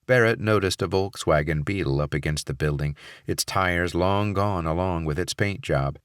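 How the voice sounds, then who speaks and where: A male narrator reading a thriller audiobook in a steady, measured way. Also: low-pitched, dry recording, studio quality. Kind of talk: scripted narration.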